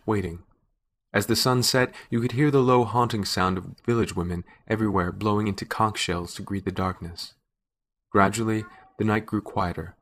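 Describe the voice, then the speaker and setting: A man narrating a fantasy story in a measured, wry storytelling manner. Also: lowish voice, a bit bright. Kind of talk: scripted narration.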